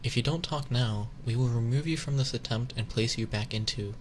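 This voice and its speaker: A man's voice: medium pitch, a little fast, natural voice. A man playing a stern male interrogator who gives curt commands. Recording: background noise hiss.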